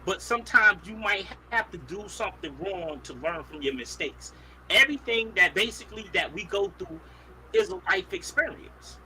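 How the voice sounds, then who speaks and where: A man's voice: high voice, very animated, normal speed, bright, forceful tone. A man co-hosting a casual radio talk show, breaking his points down in a preachy way.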